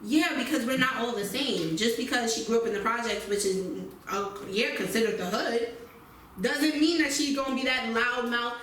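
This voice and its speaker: A woman's voice: a little high, normal speed, recorded from a distance, a little hiss or hum. Easygoing woman in an echoey room. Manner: relaxed, laughing, backs up her co-host. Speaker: podcast co-host. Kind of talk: casual chat.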